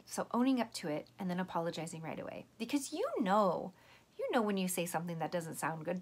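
Gentle teacher woman talking to children. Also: mid-range voice. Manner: gentle, patient, explains step by step. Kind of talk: lesson for young children.

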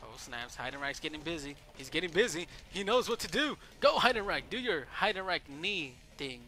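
A man giving casual let's play commentary over a wrestling game, excitable and swearing, yelling at the game and shouting out moves. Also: a little high, a little fast. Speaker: gameplay commentator.

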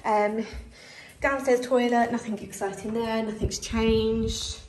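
A woman's voice: a little high, flat delivery, takes it slowly, a little mellow, slight background noise. A young woman, chatty and slightly out of breath, giving a casual house tour as a vlogger, filmed on a handheld camera indoors. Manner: chatty, lots of fillers.

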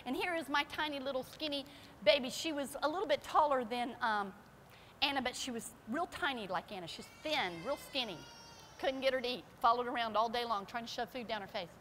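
A woman pastor giving a fervent testimony sermon in a church service, her preaching climbing into shouted praise. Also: on the high side, fairly quick, long reverb tail, slight background noise. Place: church sanctuary during a service.

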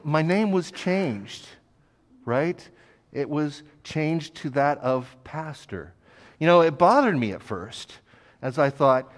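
A man's voice: mid-range voice, big-room sound. A male pastor delivers a sermon in an easy, conversational voice, sprinkling in fillers and self-mocking asides. His mid-range voice carries the long tail of a church sanctuary.

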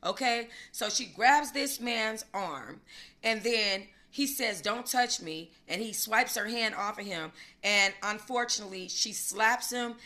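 A woman's voice: medium pitch, a little slow, bright, forceful tone. A woman hosting a casual livestream, talking emphatically in slang and greeting her chat. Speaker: livestream host.

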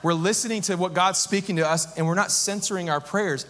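A man in his thirties, a pastor giving a conversational, self-deprecating and animated sermon. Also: high-pitched, a little fast, hardly any pauses.

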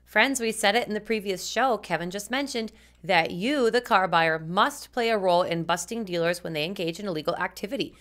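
A woman's voice: medium pitch, fairly quick, few pauses, a bit bright. Earnest woman co-host. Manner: direct, earnest address to viewers. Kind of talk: scripted news commentary.

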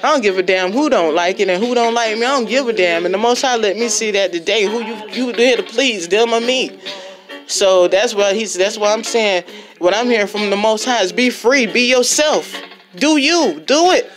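Over music, a woman with a medium-pitched voice speaks at a moderate pace, delivering a fervent testimony as a religious vlogger. She is an adult with a child and parents, and she exhorts her listeners, repeating herself for emphasis.

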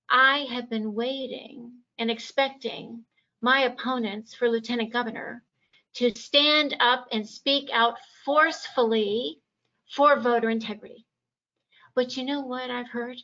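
A woman's voice: on the high side, steady tone, measured pace, pushed and bright. A woman from Virginia giving a passionate, emphatic campaign speech as a candidate at a forum. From Virginia, USA. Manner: passionate, emphatic stump speaking. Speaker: political candidate. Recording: dull lo-fi audio.

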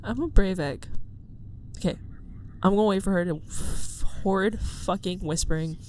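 A woman's voice: mid-range voice, moderate pace, a little mellow, a little hiss or hum. A young woman hosting a horror game let's-play, jumpy and swearing, who keeps dropping into a whisper and laughs nervously. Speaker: gaming video host. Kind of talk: casual let's-play commentary.

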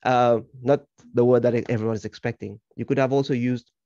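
A man's voice: medium pitch, fairly even intonation, fairly quick, warm tone, no echo. A man giving encouraging feedback on a speech over a video call. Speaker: speech evaluator. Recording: dull lo-fi call audio.

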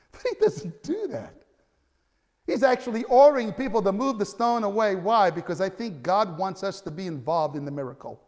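A man with a high, light voice preaches a sermon in a reverberant church hall. He speaks in a lively, conversational way, stumbling over restarts and rising to loud cries at the climaxes. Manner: stammering restarts, conversational asides. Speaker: pastor.

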